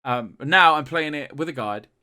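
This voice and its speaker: A man's voice: on the high side, moderate pace, sharp tone, clean tone. A young man co-hosting a podcast in casual chat, rambling with many fillers and restarts. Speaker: podcast co-host.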